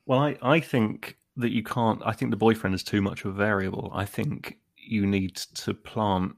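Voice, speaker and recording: A man's voice: lowish voice, steady tone, normal speed, gravelly. A man co-hosting a casual podcast chat, making dry, wry quips. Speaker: podcast co-host.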